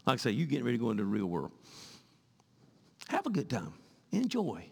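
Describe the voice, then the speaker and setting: A male pastor preaching a sermon in church, swinging from fervent shouting to hushed pleading. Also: mid-range voice, wildly swooping pitch, a little fast, vocal fry, husky, long reverb tail.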